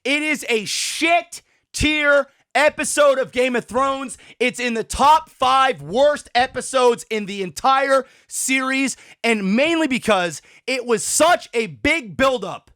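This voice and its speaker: A man hosting a podcast, giving a profane, exasperated rant about a TV episode, worked up and sweating, with shouted outbursts. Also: very high-pitched, lively intonation, takes it slowly. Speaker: podcast host. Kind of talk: ranting show reaction.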